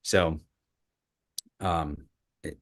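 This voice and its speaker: A man's voice: rumbling low, fairly even intonation, drawn-out words. A man leading an online Torah study over a video call. He halts and repeats words while explaining, then reads scripture aloud with emphasis. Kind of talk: live online Bible study lesson with slides.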